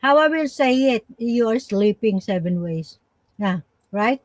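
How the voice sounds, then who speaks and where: A middle-aged woman from the Philippines with a Filipino accent, hosting a casual live-stream chat in halting English full of restarts and fillers. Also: fairly high pitch, expressive, no echo.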